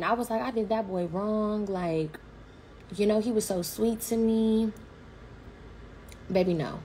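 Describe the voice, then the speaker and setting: A woman's voice: mid-range voice, slight background noise. Blunt, profane woman telling a story. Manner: animated, blunt, slangy and profane. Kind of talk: casual livestream storytelling.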